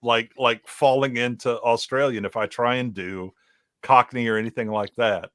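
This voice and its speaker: A man's voice: medium pitch, fairly even intonation, normal speed, a bit bright, clean tone, no echo. A man rambling through a jokey story in casual chat, in an ordinary middle-range voice. His sound is dry and close, with no room around it. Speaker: podcast panelist.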